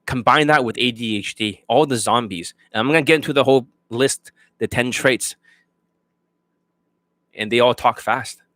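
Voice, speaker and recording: A man's voice: medium pitch, moderate pace, a bit bright, no room sound. A man working as a dating coach, ranting bluntly and profanely to his students. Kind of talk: unscripted monologue to students.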